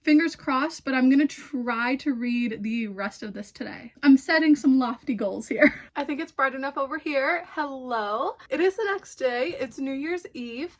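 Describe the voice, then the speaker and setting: A woman in her twenties, chatting casually as a book vlogger and recapping a novel, with lots of "like" fillers. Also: high voice. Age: 20s. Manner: chatty, peppered with "like".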